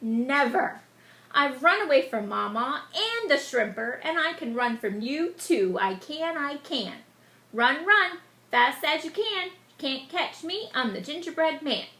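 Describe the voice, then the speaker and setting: A woman's voice: sits high, very animated, measured pace, sharp tone, heavily acted. A woman voicing a boastful little gingerbread boy, chanting a sing-song taunt in a storybook reading. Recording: echoey room.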